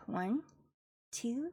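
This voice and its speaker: A young woman streamer and classical singer chatting casually and jokingly while doing vocal warm-ups. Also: on the high side, animated, very slow, husky. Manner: joking, self-deprecating, chatty.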